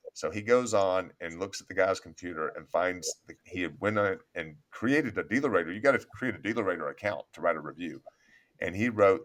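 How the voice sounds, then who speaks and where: Man, very deep voice, podcast host, animated storyteller. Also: a little fast. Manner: animated anecdote-telling with laughs. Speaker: podcast host, agency owner. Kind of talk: storytelling in casual interview. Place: office studio.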